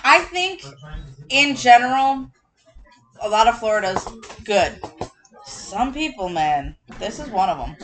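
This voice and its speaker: A woman's voice: a little high, expressive, measured pace, pauses often, low-quality recording. Outspoken, profane woman with faint music. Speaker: parent. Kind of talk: casual chat.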